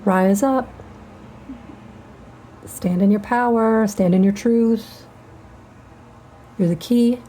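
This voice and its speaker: A middle-aged woman hosting a spiritual channel, giving a defiant, profane monologue with drawn-out, emphatic phrasing. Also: fairly high pitch, dark tone, slight background noise.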